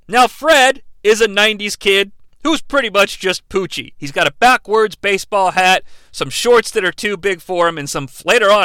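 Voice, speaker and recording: High-voiced sarcastic man reviewing movies. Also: sharp tone, clear, resonant tone, no echo. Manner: sarcastic, profane and mocking. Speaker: host.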